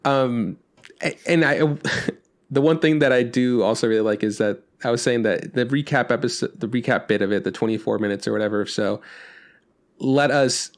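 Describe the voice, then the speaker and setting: Man, podcast co-host, casual chat, rambling, restarts, average pitch. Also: steady tone, normal speed. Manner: rambling, many restarts and swearing.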